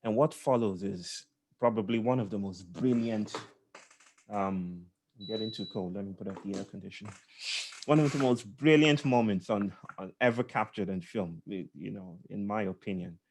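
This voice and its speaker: A man's voice: on the low side, normal speed, a little mellow, slight background noise. A man leading a session, telling a reflective story with repeated words, laughs and asides. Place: indoors.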